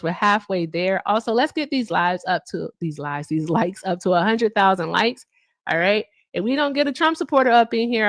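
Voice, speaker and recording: A woman's voice: mid-range voice, fairly bright tone, no room sound. Brief: woman livestream host, brash chatter, dry close sound. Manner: brash, chatty, curses freely, hums and sings filler. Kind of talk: casual livestream chat.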